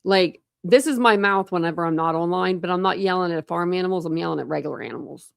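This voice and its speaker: A woman's voice: fairly low pitch, quick pace, vocal fry, clean tone, no room sound, studio quality. A woman hosting a casual online chat, rambling and laughing as she browses videos and talks to her pets. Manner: rambling, chatty, laughs often, coos at pets. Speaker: true crime channel host.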